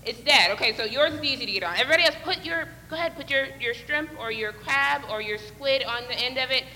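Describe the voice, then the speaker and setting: Bright high-voiced woman leading children in church. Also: fast, slight background noise. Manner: playful, coaxing, acts out fishing with the children. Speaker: children's sermon leader. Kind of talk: interactive children's Bible lesson. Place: church sanctuary, large echoey room. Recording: echoey hall with long reverb.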